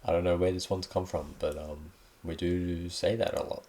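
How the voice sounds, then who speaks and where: A man's voice: low-pitched, level tone, normal speed, dark tone. A young Australian man hosting a casual solo podcast, rambling in a laid-back way with lots of ums. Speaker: podcast host.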